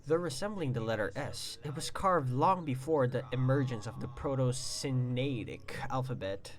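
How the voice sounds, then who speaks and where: A young man streaming a visual novel, reading the text aloud and reacting with loud exclamations and swearing. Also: medium pitch, normal speed. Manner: excitable, swears and exclaims between read-out passages.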